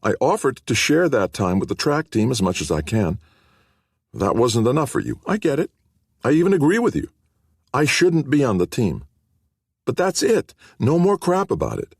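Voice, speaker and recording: A man's voice: mid-range voice, darkish tone, no room sound, clean studio sound, pitched above the performer's own voice. A man reading an audiobook, voicing a defiant teenage boy who talks in a blunt, flippant, stubborn way.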